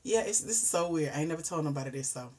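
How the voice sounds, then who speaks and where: Husky-voiced woman chatting live. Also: sits low, rapid-fire. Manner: chatty and animated, swinging from hushed asides to loud exclamations. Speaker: host. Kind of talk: casual livestream chat.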